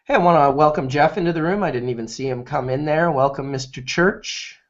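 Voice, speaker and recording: A man's voice: a little high, fairly quick. A man hosting a casual group chat, laid-back and rambling, laughing easily. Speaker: host of a streamed cannabis talk show. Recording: lo-fi online call audio.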